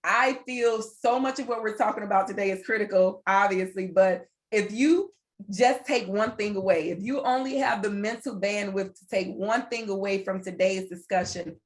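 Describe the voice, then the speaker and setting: A woman's voice: medium pitch, normal speed. A woman presenting a workplace wellness webinar over a video call, speaking in an earnest, encouraging way and repeating phrases for emphasis. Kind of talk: motivational webinar talk.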